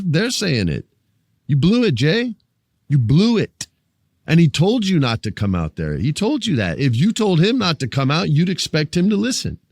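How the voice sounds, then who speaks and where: Hosting a laid-back wrestling podcast, a man with a low voice jokes with his audience and swears without holding back. He jumps energetically into wrestlers' lines, doing them higher and louder. The recording is close and dry, with no room sound.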